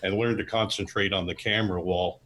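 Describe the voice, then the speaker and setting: Participant, man, lowish pitch, chatty and self-mocking, casual video call. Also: fairly even intonation, fast talker, a bit bright, slight background noise. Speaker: meeting participant. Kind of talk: casual group video chat.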